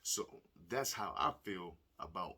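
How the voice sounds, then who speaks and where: A man giving blunt, profane, animated commentary to the camera, telling stories and speaking plainly as a stepfather. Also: low-pitched, unhurried, breathy edge. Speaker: vlogger. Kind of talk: casual commentary video.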